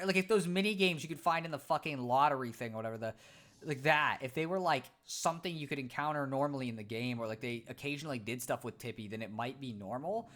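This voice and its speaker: A man's voice: a little high, fairly bright tone. A young man streaming a video game, ranting casually with swearing and lots of fillers. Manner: ranting, profane, many fillers. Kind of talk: casual gaming commentary.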